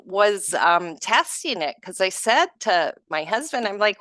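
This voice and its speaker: A woman reads aloud to an online group at an unhurried pace, her voice rising and falling a lot. She chats between passages, laughs often and corrects herself. The sound is dry and close. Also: mid-range voice, lively intonation, a bit bright, dry recording. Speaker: group reader. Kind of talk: casual reading and group discussion.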